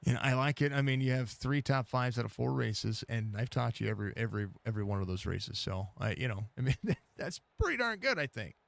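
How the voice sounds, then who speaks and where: A man's voice: medium pitch, steady tone, quick pace, gravelly, hardly any pauses, dry recording. A man hosting post-race interviews in casual talk, laid-back and rambling, laughing often, on a headset mic. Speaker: race broadcast host.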